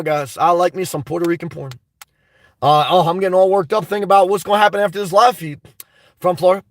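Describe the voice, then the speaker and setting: High-voiced blunt man on a livestream. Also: a bit bright, no echo, studio quality. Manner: rambling, blunt and crude, reads chat messages aloud. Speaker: livestream host reading viewer comments. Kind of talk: unscripted livestream chat.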